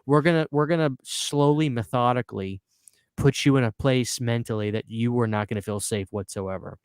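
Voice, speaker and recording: A mid-pitched man talks fast and loose on a podcast, cursing freely and repeating himself as he gets fired up. The sound is dry and close, with no room around it. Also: clean tone, dry recording. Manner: excitable, swearing, repeats words when worked up. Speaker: podcast host. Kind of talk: casual chat.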